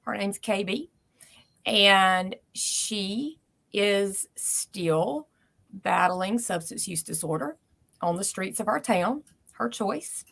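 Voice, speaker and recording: A woman's voice: mid-range voice, lively intonation, slow pace, gravelly, a bit bright. A Southern American woman in her forties, a nurse from Georgia, speaking frankly and at length as an interview guest.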